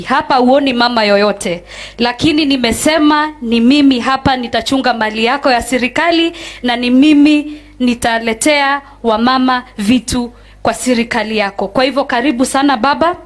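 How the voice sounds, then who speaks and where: A Kenyan woman giving a formal, grateful welcome speech at a political rally as a candidate. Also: a little high. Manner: formal, grateful, halting with fillers. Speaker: political aspirant.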